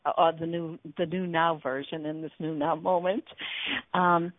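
A woman's voice: deep voice, steady tone, unhurried, no room sound. A woman hosting an internet radio talk show as a relationship coach, speaking earnestly with many fillers and restarts. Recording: tinny dry phone line.

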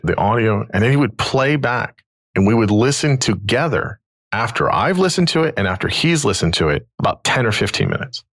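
A man's voice: fairly low pitch, creaky, fairly bright tone, no echo. A middle-aged man hosting a podcast, casually telling a long story and quoting others in his own voice. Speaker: podcast host.

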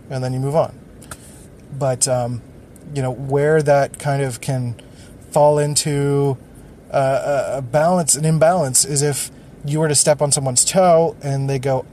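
A man's voice: mid-range voice, steady tone, unhurried, darkish tone. Male podcast host, solo, casual ramble, mid voice, slight background noise. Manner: rambling, thinking aloud with many fillers.

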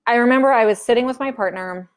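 In a podcast conversation, a memoir author speaks frankly and chattily, acting out quotes as she tells her story. Her voice is a little high and she talks at a quick pace.

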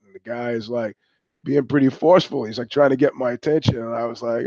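A man's voice: mid-range voice, steady tone, quick pace, gravelly, darkish tone, no echo. An older man hosting a livestream, talking in a rambling, profane, digressive way. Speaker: host. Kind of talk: casual livestream monologue. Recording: dull, dry lo-fi stream audio.

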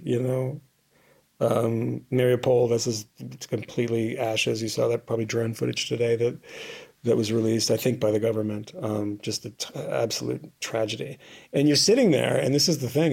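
A man's voice: mid-range voice, steady tone, moderate pace, creaky, darkish tone. A man co-hosting a podcast, calling in from abroad and telling a long story in a tired, rambling way with many restarts. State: tired, bleary-eyed. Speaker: podcast co-host reporting from abroad. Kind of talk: casual conversational storytelling. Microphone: remote call-in.

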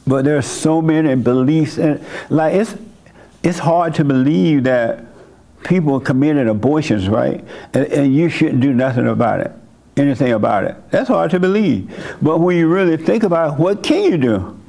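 A man's voice: a little high, normal speed, vocal fry, warm tone. An older man, hosting a church meeting and giving blunt, folksy spiritual advice to a member, chuckling now and then. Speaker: host and church leader. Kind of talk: counseling a congregation member.

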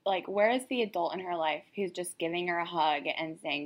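A woman's voice: lowish voice, a little fast. A woman co-hosting a casual political chat podcast, talking emphatically with lots of "like" fillers. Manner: emphatic, filler-heavy with frequent "like". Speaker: podcast co-host.

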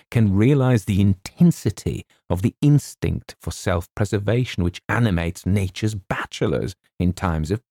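Male narrator, very deep voice, gravelly, mellow tone, dry close mic. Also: no echo. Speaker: audiobook narrator. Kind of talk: storybook narration.

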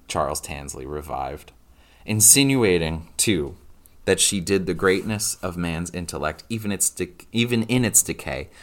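A man narrating a classic novel aloud in a measured, expressive reading. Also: deep voice.

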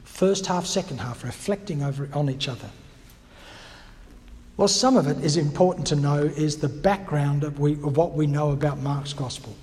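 High-voiced man preaching in a reverberant hall. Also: moderate pace, darkish tone, slight background noise. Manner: reflective, teacherly, with restarts and rhetorical questions. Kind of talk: sermon.

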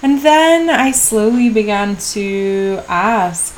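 A woman hosting a podcast, talking through a personal diary entry in a slow, introspective way with pauses and restarts. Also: medium pitch, a little hiss or hum. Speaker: podcast host. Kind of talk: reflective personal diary monologue.

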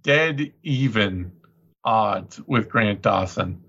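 Extremely slow yet animated, a man with a low-leaning, somewhat bright and breathy voice co-hosts a podcast. He talks fights conversationally and reads out betting odds, heard through slightly dull lo-fi audio.

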